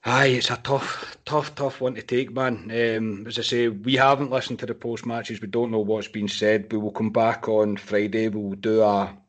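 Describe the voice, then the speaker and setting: A man's voice: lowish voice, fairly even intonation, moderate pace, few pauses. A young Scottish man hosting a casual fan podcast, frustrated and swearing about a lost match. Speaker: podcast host.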